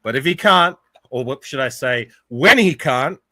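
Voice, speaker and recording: Guest streamer guy, bright sharp voice, dry close sound, teasing and playful. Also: medium pitch, animated, normal speed, dry recording. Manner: teasing, plugs his own show. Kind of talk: casual live-stream chat.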